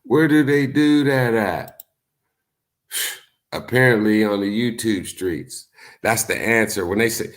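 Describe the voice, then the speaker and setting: A man talking casually to his livestream viewers, telling stories in a loose, profane way and acting out what other people said. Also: a little slow. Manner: animated storytelling, acts out quotes in high voices; profane, laid-back. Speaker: YouTube streamer. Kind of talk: casual live-stream commentary.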